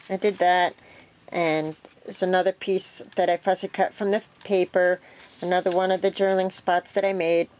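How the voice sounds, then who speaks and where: Sitting at her craft table, a woman vlogger shows off a homemade project in an unhurried, loose way. Her voice is slightly low, and she rambles with plenty of ums and self-corrections, as if doing a casual show-and-tell.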